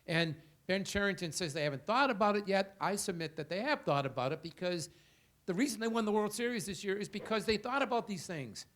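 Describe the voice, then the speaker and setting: A man's voice: high-pitched, lively intonation, brisk, a bit bright. A man on a panel analyzing baseball, firing off rhetorical questions in an argumentative way. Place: hotel event room.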